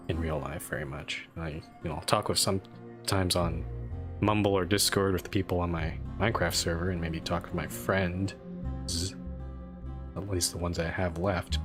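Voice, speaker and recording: Low-voiced rambling male streamer. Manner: rambling, self-deprecating, many restarts. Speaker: game streamer. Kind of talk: casual live-stream commentary.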